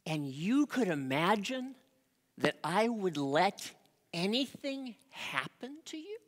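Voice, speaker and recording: A preacher speaking as Jesus, a calm, commanding grown man, in an earnest, reassuring way. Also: medium pitch, slow pace. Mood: tender. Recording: long reverb of a large hall.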